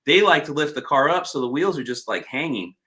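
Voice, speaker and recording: A man's voice: fairly high pitch, fairly quick. A man hosting a casual chat, telling stories loosely and swearing freely. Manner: storytelling, swears freely, animated when retelling. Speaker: podcast host.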